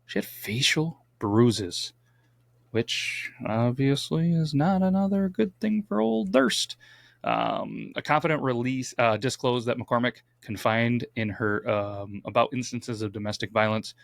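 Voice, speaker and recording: Male podcast co-host, gravelly, dry close mic, relaxed true crime storytelling with wry asides. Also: medium pitch, a little slow, no echo. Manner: reads case notes, adds wry asides.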